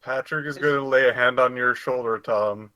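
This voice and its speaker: A man playing in a casual tabletop game, speaking slowly and deliberately, often laughing. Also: mid-range voice, steady tone, bright, forceful tone. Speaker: player.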